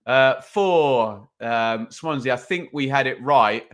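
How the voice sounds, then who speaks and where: Using a desk microphone, a man hosts a live football watch-along stream, chatting casually, reading viewer comments aloud and calling the match loosely. His medium-pitched voice has a fairly bright tone, and he takes his time.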